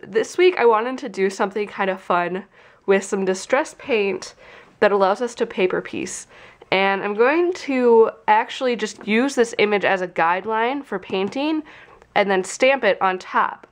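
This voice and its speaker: A woman's voice: medium pitch, unhurried. A young woman with a stuffy, nasal voice from a cold, chatting casually as she explains a craft tutorial step by step. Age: young adult. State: congested from a cold. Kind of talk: casual how-to narration.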